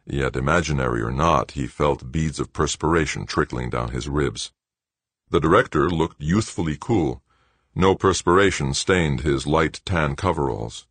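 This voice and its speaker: A male narrator with an extremely deep voice, reading a novel in a measured and steady way. The recording is dry and close, with no room sound at all. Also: husky, no echo. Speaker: audiobook narrator. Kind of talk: scripted narration.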